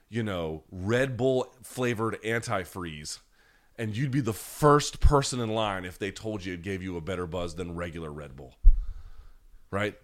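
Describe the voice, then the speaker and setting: A man hosting a live chat, ranting bluntly and with plenty of profanity, now and then mocking people in put-on voices. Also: medium pitch. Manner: mocks others in put-on voices. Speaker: host.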